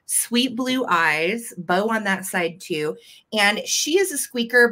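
Woman running a live vintage sale, super chatty n gushy, bright voice. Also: on the low side. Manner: chatty and gushing, fond little words. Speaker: host selling vintage items live. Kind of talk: live sale chat, describing items.

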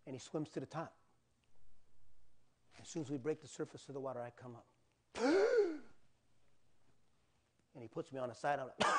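A male pastor preaching a sermon, telling a personal story with animated acted-out cries and asides to the congregation. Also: medium pitch. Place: church.

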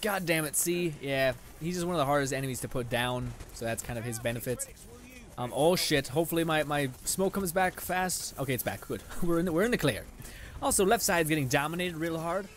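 Young guy narrating his game, kinda high voice, sarcastic, swears a lot, faint hum behind. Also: animated, a little fast. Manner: frustrated, sarcastic, swears often, laughs a lot. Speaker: gaming channel host. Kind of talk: live gameplay commentary.

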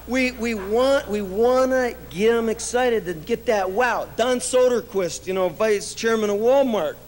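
On an event stage before an audience, a middle-aged businessman delivers a keynote storytelling speech, sharing anecdotes with frequent laughs and lots of "you know"s. His voice is extremely high-pitched, with slight background noise.

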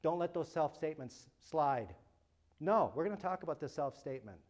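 A man's voice: a little high, normal speed. A man giving a talk at a parent workshop, asking the audience questions and joking with them. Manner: animated, asks the audience questions, jokes. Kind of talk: lively talk to a live audience. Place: room with a live audience.

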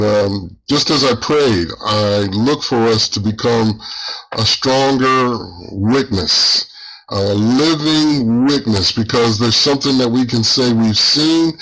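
A man, the pastor, closing a prayer and opening a church meeting, with a measured delivery that stretches key words. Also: mid-range voice, a bit bright, poor audio.

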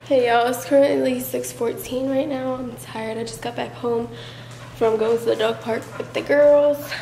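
A woman's voice: a little high, steady tone, moderate pace, creaky, mellow, a little hiss or hum, rough recording. A nineteen-year-old woman from Florida, chatting casually to her viewers in a vlog, a little out of breath. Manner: chatty, addresses viewers as y'all. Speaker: vlogger.

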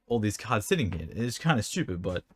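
His voice is lowish, a bit rough, and sing-song, and he speaks a little fast. In an indoor room by an air conditioner, he fields viewers' card-selling questions casually, rambling, tripping over words, dry-mouthed and hiccuping.

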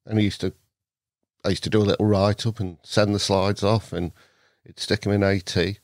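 A man's voice: fairly low pitch, moderate pace, dry recording, studio quality. A middle-aged man with a North Staffordshire accent, telling stories as a podcast guest in casual chat, laughing often. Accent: North Staffordshire English. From England. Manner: animated storyteller, laughs often.

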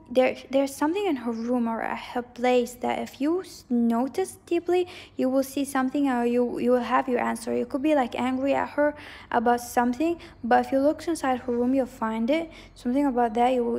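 A woman gives a loose, wandering tarot reading, circling back to repeat her points and hedging as she goes. Her voice sits a little high, with a mellow, dark tone and plenty of vocal fry. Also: moderate pace. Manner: rambling, hedging, repeats herself. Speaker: tarot reader. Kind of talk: casual psychic tarot reading.

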